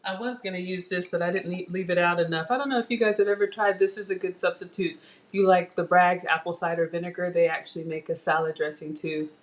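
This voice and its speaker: A woman's voice: on the low side, steady tone, quick pace, slight background noise. A woman hosting a live cooking stream from her home kitchen, chatting with viewers and reading their comments aloud as she works. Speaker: cooking channel host. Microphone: tablet on the counter.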